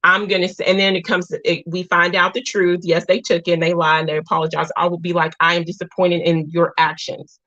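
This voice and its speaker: A woman's voice: fairly low pitch, little pitch movement, fast talker, hardly any pauses, sharp tone, no room sound, highs cut off. A woman in her thirties, a single mom, hosting a casual livestream and talking earnestly to her viewers. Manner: earnest, talks to chat as "y'all". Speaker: livestream host.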